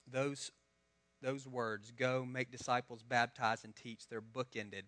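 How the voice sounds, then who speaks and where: Bright-voiced man in his thirties preaching. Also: medium pitch, flat delivery, takes it slowly. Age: 30s. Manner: conversational, asks the congregation questions. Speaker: pastor. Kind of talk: sermon.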